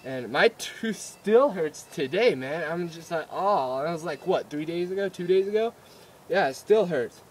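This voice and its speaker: A man's voice: on the high side, animated, normal speed, slight background noise. A young man telling a story in a casual vlog, rambling and giggly, with many fillers and restarts. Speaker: vlogger.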